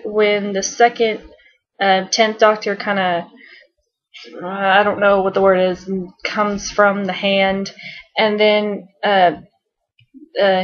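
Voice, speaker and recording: A young-sounding woman chats her way through a fan countdown, bubbly and rambling, full of "um"s and soft giggles. Her voice sits at an ordinary middle pitch. The home recording sounds dull and lo-fi. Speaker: vlogger. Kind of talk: casual fan countdown chat.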